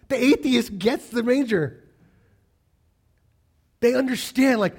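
High-pitched male pastor, conversational sermon, asks the congregation questions. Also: big pitch swings, a little slow, pauses often, darkish tone, slightly rough.

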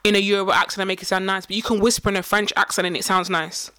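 Bright-voiced woman, rambling chat. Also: medium pitch, flat delivery, very fast, clear, resonant tone. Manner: rambling, heavy use of fillers. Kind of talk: casual chat.

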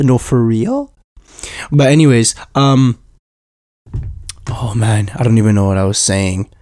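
A man's voice: mid-range voice, darkish tone, dry recording, clean studio sound. A man hosting a casual solo podcast, his voice stuffy from a cold, rambling and joking at himself as he trips over his words. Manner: rambling, self-mocking, stumbles over words. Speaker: podcast host.

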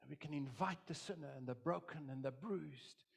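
A man's voice: on the high side, moderate pace, gravelly, slightly rough. A middle-aged man preaching as a pastor, with an impassioned, repetitive delivery that swells and drops. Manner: impassioned, repetitive preaching with dramatic quoted voices. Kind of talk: sermon.

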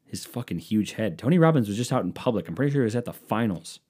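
A man's voice: on the low side, lively intonation, fast, a little mellow, slightly rough. A man hosting his own solo comedy podcast, rambling through profane, self-mocking tangents. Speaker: podcast host.

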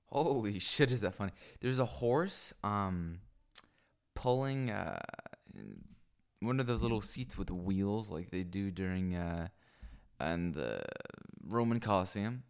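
Gravelly man rambling alone on a mic. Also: low-pitched, takes it slowly, pauses often. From lives in Los Angeles. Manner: rambling, crude, many fillers and restarts. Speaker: solo podcaster. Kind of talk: rambling solo monologue. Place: small home room with foam panels. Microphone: microphone on a stand.

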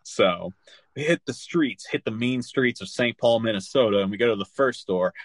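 A man hosting a podcast, recapping a film in loose, animated casual chat full of "like" and the odd swear word. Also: mid-range voice, moderate pace, no echo. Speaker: podcast host.

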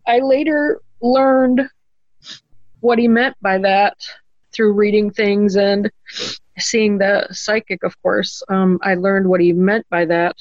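A woman earnestly telling a personal story as an interview guest, halting with ums and restarts. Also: mid-range voice, fairly even intonation, dry recording, lo-fi sound. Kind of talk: conversational storytelling.

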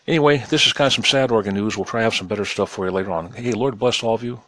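Low-voiced cynical man commenting on news. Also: rapid-fire, fairly bright tone, no echo. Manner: cynical, reads news aloud and mocks it; addresses listeners directly, folksy. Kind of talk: sarcastic news commentary monologue.

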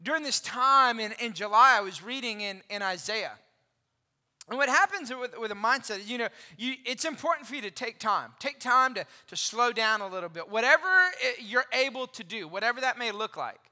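A pastor in his forties giving an animated, conversational sermon and asking the congregation questions. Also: very high-pitched, a little fast. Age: 40s. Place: church auditorium. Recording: reverberant hall.

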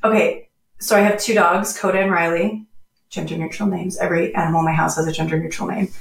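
A chatty woman psychologist in laid-back podcast talk, laughing often and filling her sentences with fillers. Her voice is a bit low and sounds roomy, picked up from some way off the mic. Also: fairly even intonation, fast, gravelly, distant mic. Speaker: psychologist guest. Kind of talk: casual podcast chat.

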